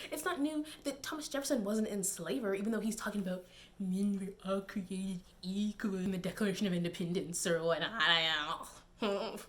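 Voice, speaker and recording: A young woman giving casual, digressive commentary to camera, laughing and using many fillers. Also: mid-range voice. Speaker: YouTube commentator.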